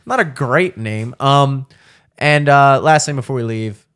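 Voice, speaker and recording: A man, co-hosting a podcast and telling a long story in casual chat, animated and profane, acting out the voices of the people in it. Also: mid-range voice, slow pace, clean tone. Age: 30s. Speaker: podcast co-host.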